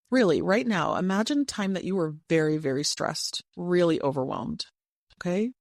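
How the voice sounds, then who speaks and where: A podcast host giving gentle, reflective relationship advice in a monologue, now and then playful. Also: mid-range voice, vocal fry, dry recording, clean studio sound. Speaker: podcast host and couples coach.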